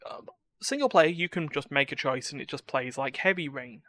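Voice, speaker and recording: A man's voice: a little high, brisk, sharp tone, no echo. A man hosting a casual gaming podcast, talking in a rambling, opinionated way with many restarts. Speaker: podcast host. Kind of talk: casual chat.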